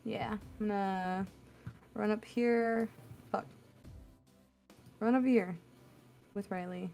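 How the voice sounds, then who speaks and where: A woman's voice: medium pitch, steady tone, slow, gravelly, warm tone, soft background music. A woman playing a tabletop game, thinking aloud hesitantly as she decides her move. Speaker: player.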